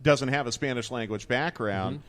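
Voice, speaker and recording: A man, a soccer broadcaster, making measured points with examples at a live panel in a brewery. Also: mid-range voice. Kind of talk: casual panel discussion.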